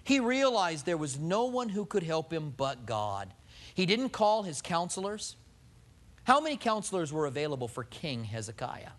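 In a sermon, a male pastor preaches in a fairly high voice that swoops with feeling through big pitch swings at a moderate pace. He fires rhetorical questions at the congregation and acts out everyday quotes.

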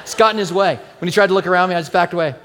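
Lively male pastor, fairly high voice, preaching in a long-reverb church hall. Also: rapid-fire, a little hiss or hum. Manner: animated storytelling, acts out quoted prayers softly. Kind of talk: sermon.

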